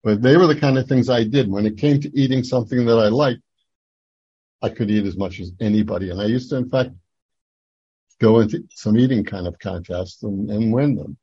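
Older man telling his story, halting and mellow. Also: fairly low pitch, slightly rough, no room sound, muffled recording. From Atlantic City, New Jersey. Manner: halting, rambling storytelling with many fillers and restarts. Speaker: recovery meeting speaker. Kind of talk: personal testimony talk.

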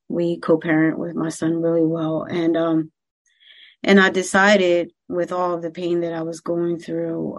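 A middle-aged woman sharing a candid, halting personal testimony as a speaker at a recovery meeting. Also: on the low side.

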